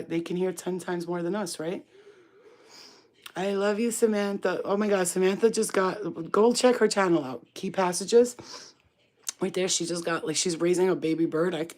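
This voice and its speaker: A woman with a fairly low voice chats casually on a live stream. She is warm toward her viewers and slips into high cooing baby talk for her pet. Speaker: spiritual reader, channel host.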